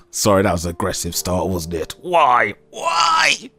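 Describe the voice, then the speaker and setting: A man giving casual, self-mocking commentary over a game he is playing, now and then breaking into a shout. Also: low voice, level tone, moderate pace, slightly rough. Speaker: gaming YouTuber.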